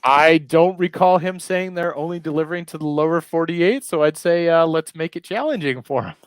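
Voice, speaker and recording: A man's voice: a little high, a little fast, clear, resonant tone, no room sound. A man hosting a live stream, chatting casually with lots of fillers and small chuckles. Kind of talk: casual chat.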